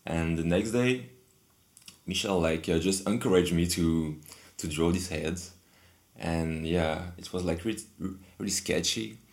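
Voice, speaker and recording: A man's voice: low-pitched, a little slow, a little mellow. A man in casual conversation, telling a long story in a rambling, hesitant way with many repeats and restarts. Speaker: guest.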